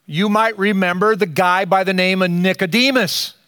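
An older man preaching a sermon, slow and emphatic, with dramatic pauses between phrases. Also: high-pitched, fairly even intonation, bright, forceful tone, clean tone, no echo, studio quality. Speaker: pastor.

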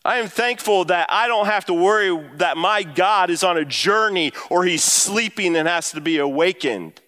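Animated high-voiced male preacher in a hall. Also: moderate pace. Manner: animated, rising pitch when quoting and emphasizing. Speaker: pastor. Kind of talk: sermon. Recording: long hall reverb.

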